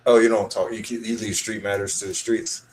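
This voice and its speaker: A man's voice: on the low side, little pitch movement, a little fast, darkish tone, a little hiss or hum, rough recording. Blunt man in a podcast chat. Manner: blunt and profane. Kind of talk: casual chat.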